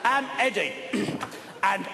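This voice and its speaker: A man with an English accent performing live stage comedy, loud, brash and shouty. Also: sits high, expressive, slow pace, heavy background noise. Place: large theatre stage. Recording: echoey live theatre recording.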